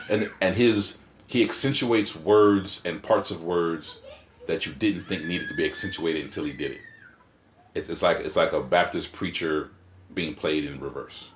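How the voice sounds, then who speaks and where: A man, a guest poet, chatting in an interview and telling animated stories, acting out rhythms and quoting lines as he talks. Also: deep voice, normal speed, a little hiss or hum. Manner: animated storyteller who acts out rhythms and quotes. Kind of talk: casual interview chat. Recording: roomy echo.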